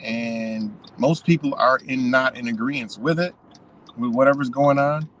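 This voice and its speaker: A man's voice: mid-range voice, measured pace, a little hiss or hum, rough recording. A man giving a profane, rambling unscripted monologue, full of "you know" and "man".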